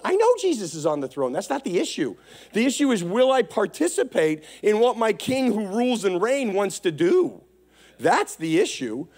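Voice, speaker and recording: A man preaching a sermon with impassioned, repetitive calls, swinging from hushed to shouting. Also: high voice, very animated, normal speed.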